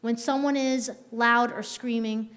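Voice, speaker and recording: A woman with a slightly high voice runs a workplace training session. She talks conversationally, with many "um" pauses and a habit of asking "right?". Her voice carries a long reverb, as in a big room. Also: fairly even intonation, fairly bright tone. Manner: frequent "um" fillers and restarts. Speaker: staff trainer.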